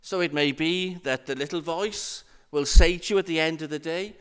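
A man's voice: a little high, moderate pace, clean tone. A man, a minister, preaching a sermon in an earnest, repetitive cadence.

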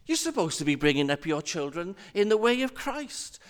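A man's voice: sits high, big pitch swings, moderate pace. A man voicing a nagging inner voice of self-doubt that scornfully belittles the listener.

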